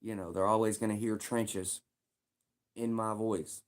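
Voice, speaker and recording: A man's voice: lowish voice, level tone, a little slow. A young man with a Louisville, Kentucky accent, talking casually on his livestream in a rambling, repetitive way full of street slang.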